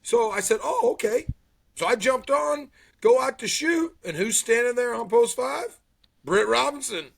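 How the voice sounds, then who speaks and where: A man's voice: very high voice, normal speed, creaky, husky. A middle-aged man telling stories in a casual chat, acting out what people said. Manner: animated storyteller, acts out quotes.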